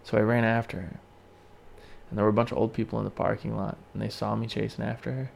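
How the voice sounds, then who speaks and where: A man co-hosting a podcast, telling an animated, swearing story in casual chat and shouting the lines he quotes. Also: on the low side, fast, gravelly, slight background noise. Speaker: podcast co-host.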